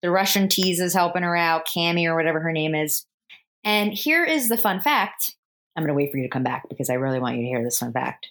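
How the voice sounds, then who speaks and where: A woman's voice: low voice, fast talker. A woman in casual chat, animatedly retelling a film's plot and acting out the characters' lines. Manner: animated storyteller, acts out characters' lines in voices. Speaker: podcast co-host retelling a film.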